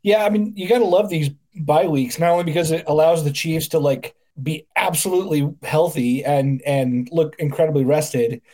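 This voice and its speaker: A man's voice: a little high, moderate pace, hardly any pauses, mellow. A man co-hosting a casual sports podcast, joking and rambling with lots of fillers. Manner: jokey, rambling, filler-heavy. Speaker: podcast co-host.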